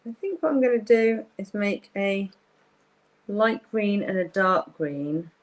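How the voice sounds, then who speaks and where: This is a woman hosting a live-streamed craft tutorial from her table at home, her voice sitting in an ordinary middle pitch. She talks her way through each step as she paints, chatting loosely to viewers and apologizing often along the way. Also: lively intonation, unhurried, poor audio. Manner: chatty, thinks aloud while painting, apologetic. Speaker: craft workshop host.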